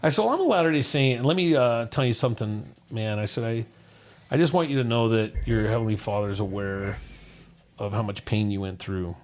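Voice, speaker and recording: A man's voice: medium pitch, brisk. A middle-aged man from Utah, co-hosting a podcast and telling a personal story in an earnest, rambling way, full of restarts. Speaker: podcast co-host. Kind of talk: casual chat, personal story.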